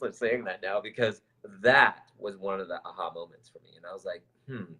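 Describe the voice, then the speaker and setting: Low-voiced man telling a rambling story. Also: a little fast, hardly any pauses, low-quality recording. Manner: animated storyteller, rambling with fillers and laughs. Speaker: co-host. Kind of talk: casual chat.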